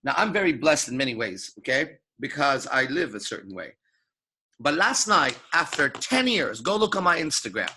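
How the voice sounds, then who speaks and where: A man's voice: fairly high pitch, big pitch swings, moderate pace, bright, forceful tone, husky. A man coaching seduction in a crude, emphatic lecture, swearing constantly and acting out his own thoughts. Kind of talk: profane motivational lecture.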